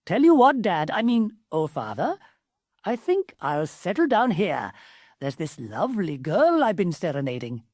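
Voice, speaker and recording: A woman's voice: on the low side, big pitch swings, a little slow, darkish tone, dry recording, clean studio sound. A woman voicing a brash, boastful young male genie in a storybook. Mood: cocky. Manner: brash, boastful, casual slang.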